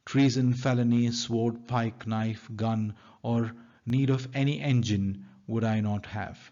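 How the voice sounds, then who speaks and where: Brief: teacher voicing an earnest old courtier dreaming of utopia, Indian English accent, mid pitch, lo-fi sound. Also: male voice, steady tone, slow, mellow, close to an everyday voice. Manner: read aloud in an earnest reading voice. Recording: dull lo-fi recording.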